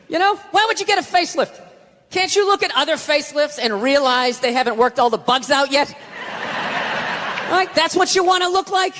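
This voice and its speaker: A middle-aged stand-up comedian from the US East Coast, ranting with lots of swearing and shouting his punchlines. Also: very high-pitched, noisy background. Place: large theater stage before a live audience. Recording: live hall recording with crowd laughter.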